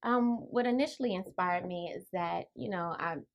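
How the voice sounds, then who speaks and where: A woman with a soft, quiet voice, calmly explaining her ideas as an author guest on a radio talk show. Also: vocal fry. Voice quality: soft, low-volume voice. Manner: calm, spiritual, unhurried explaining. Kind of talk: radio interview answers.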